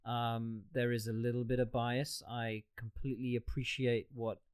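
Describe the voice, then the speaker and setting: A man's voice: mid-range voice, level tone, clear, resonant tone. Man, podcast host, casual rambling chat, joking, video call audio. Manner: chatty, rambling, quick to joke.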